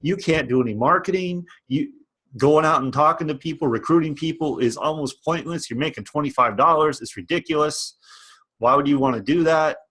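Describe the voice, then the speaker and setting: Passionate husky man ranting. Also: on the high side, fairly quick, fairly bright tone. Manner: passionate, repetitive, preachy. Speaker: online business vlogger. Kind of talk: motivational rant to camera.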